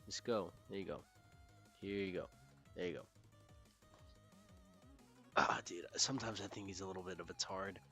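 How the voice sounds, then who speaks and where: A young man chats loosely on a podcast, stopping and restarting his thoughts. His voice sits a little low. Faint music plays behind him. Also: normal speed, pauses often, pushed and bright. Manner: rambling and laid-back, with lots of fillers and restarts. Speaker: podcast host. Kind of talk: casual chat.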